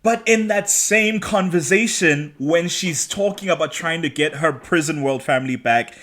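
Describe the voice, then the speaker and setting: A man's voice: fairly high pitch, moderate pace. A man co-hosting a podcast, chatting casually and acting out quotes with laughter. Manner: animated, laughing, acts out quotes in voices. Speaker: podcast co-host. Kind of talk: casual chat recapping a TV show.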